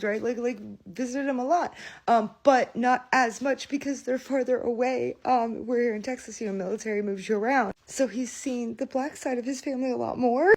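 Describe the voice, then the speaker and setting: A woman's voice: fairly high pitch, a little fast. A woman and mother telling a casual family anecdote, amused and laughing through the telling. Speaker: mother and content creator.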